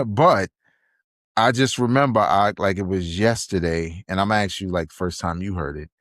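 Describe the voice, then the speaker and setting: A man's voice: low voice, moderate pace, fairly bright tone, dry recording, clean studio sound. A man, hosting a podcast and chatting casually, telling stories animatedly and acting out quotes. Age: 40s. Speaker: podcast host. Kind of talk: casual review chat.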